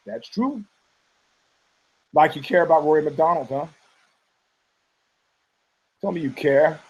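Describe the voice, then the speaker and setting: A man's voice: a little high, slow, pauses often, husky, low-quality recording. A male podcast host giving rambling, combative commentary, profane and heated, often stumbling over restarts.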